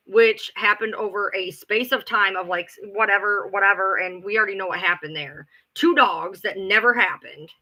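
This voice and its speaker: A livestream host venting in a heated, profane rant, talking fast in bursts. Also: medium pitch, bright, forceful tone.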